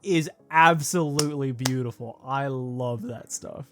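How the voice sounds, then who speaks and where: A man's voice: medium pitch, a little slow. A young man co-hosting a podcast, chatting casually in a laid-back, rambling way with lots of fillers and restarts. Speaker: podcast co-host. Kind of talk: casual chat.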